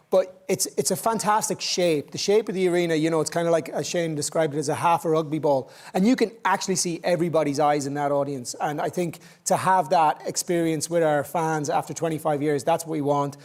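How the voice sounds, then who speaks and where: A man's voice: on the high side, a little mellow. Earnest Irish man, band guest. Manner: earnest, with filler phrases. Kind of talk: talk show interview.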